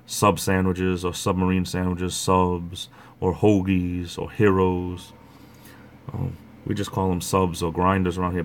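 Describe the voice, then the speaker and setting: Middle-aged man, deep voice, rambling livestream host chatter. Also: a little hiss or hum. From Rhode Island. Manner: rambling, chatty, greets viewers by name. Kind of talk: casual chat.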